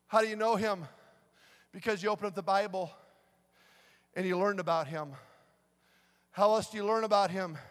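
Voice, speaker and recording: High-voiced man preaching in a reverberant church. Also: normal speed, long pauses. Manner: swings from shouted preaching to soft talk. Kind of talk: sermon. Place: large church hall. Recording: live church sound with long reverb and music behind.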